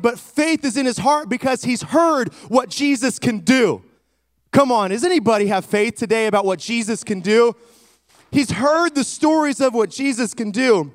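A male preacher with a high voice delivers an emphatic sermon, dramatically retelling a scripture story. He calls on the congregation to respond. The sound is dry and close. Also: no room sound.

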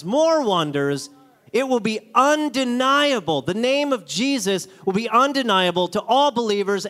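High-voiced man preaching with lively storytelling. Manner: animated storyteller, acts out characters with jumps in pitch. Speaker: guest speaker. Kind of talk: sermon with acted-out stories.

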